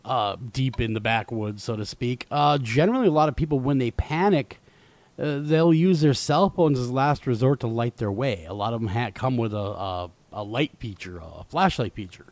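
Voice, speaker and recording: A man's voice: medium pitch, normal speed, darkish tone, dry recording. A man hosting a talk radio show, chatting casually with many fillers and restarts. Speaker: radio host.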